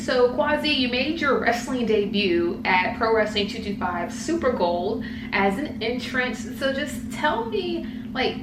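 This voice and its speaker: A woman's voice: on the high side, reverberant, noisy background. A woman hosting an interview and asking short, upbeat questions. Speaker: interview host.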